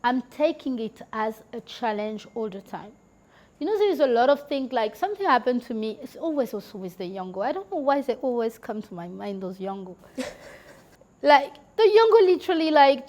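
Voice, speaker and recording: She's a podcast guest whose darkish voice sits on the high side, expressive and at normal speed. Chatting and telling stories casually, she fills her speech with "like" and "you know" and laughs from time to time.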